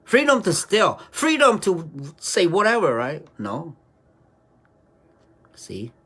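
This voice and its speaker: Woman commentator, unhurried, animated intonation, preachy and questioning. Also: on the low side, breathy edge. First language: Hmong. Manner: rhetorical, keeps asking "right?". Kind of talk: preachy opinion monologue.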